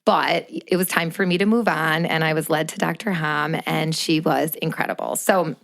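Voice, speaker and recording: A woman's voice: deep voice, moderate pace, vocal fry, a bit bright. A woman in her thirties, a podcast co-host telling her own story in casual chat, candid and laughing often.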